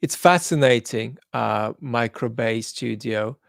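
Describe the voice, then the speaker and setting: A man's voice: medium pitch, slow, vocal fry, a bit bright, no room sound, studio quality. A man hosting a live stream, reading out viewer comments, with a mixed accent that holds traces of Australian and London. He talks thoughtfully, with many ums, and turns blunt when he judges. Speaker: livestream host.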